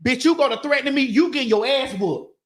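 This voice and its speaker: A woman with a high voice hosts a casual talk show, venting in a loud, profane, animated way. She is from Miami-Dade and talks bluntly. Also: fast. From Miami-Dade, Florida. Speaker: morning show host.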